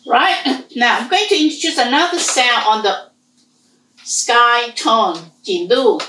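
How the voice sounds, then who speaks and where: A woman teaching a language lesson, slowly repeating sounds and words for her students. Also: on the high side, sharp tone, echoey room, far from the mic, slight background noise, poor audio. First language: Hmong. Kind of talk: slow online language lesson.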